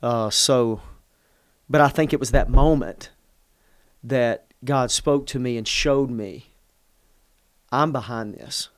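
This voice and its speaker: A man's voice: mid-range voice, slow, clean tone, no echo, studio quality. A middle-aged pastor tells a personal story in conversation, earnest and emotional, often restarting his sentences. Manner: earnest, emotional, self-interrupting.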